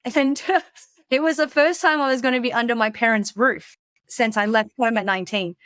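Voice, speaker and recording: A woman's voice: fairly high pitch, fairly even intonation, a bit bright, no room sound. Candid woman telling her story. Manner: candid, halting, with frequent fillers and restarts. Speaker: podcast guest. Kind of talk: casual conversation, personal storytelling.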